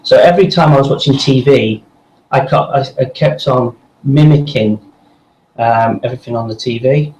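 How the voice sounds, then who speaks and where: A man's voice: medium pitch, fairly even intonation, normal speed, a little mellow. A man being interviewed as a voice actor, telling a long story in a rambling way with many fillers and restarts. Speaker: voice actor guest. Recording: roomy echo with faint background hum.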